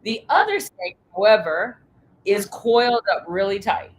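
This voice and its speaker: Animated woman coach teaching a workshop. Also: medium pitch, a little slow, poor audio. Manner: animated storytelling, acting out quoted voices, casual swearing. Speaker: business coach.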